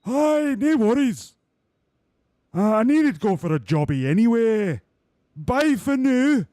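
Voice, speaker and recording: A man voicing a cheerful young male racing driver, with a high, goofy mock accent that mixes Scottish and northern English. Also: big pitch swings, takes it slowly, dark tone, no echo, clean studio sound, heavily acted. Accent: mock mix of Scottish and northern English. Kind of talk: comic voice role-play over a game.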